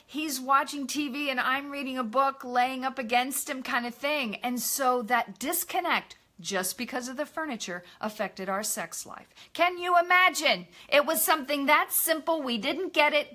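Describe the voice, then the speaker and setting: Bright-voiced woman hosting a candid live talk. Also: high-pitched. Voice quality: bright, expressive voice. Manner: candid, confiding storytelling, greets viewers by name. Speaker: ministry host.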